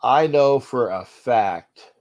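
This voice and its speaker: A man hosting a sports fan talk show with a stuffed-up nose, rambling and restarting, his level swinging from low mutters to loud bursts. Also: lively intonation, takes it slowly. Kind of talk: uncensored fan rant show.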